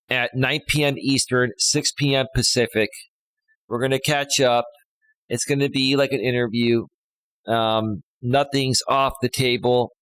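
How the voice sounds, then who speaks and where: A man's voice: mid-range voice, a bit bright, clear, resonant tone, no room sound, rough recording. A man hosting a casual live stream as a life coach, chatting, reading viewer comments aloud and giving relationship advice into a studio microphone.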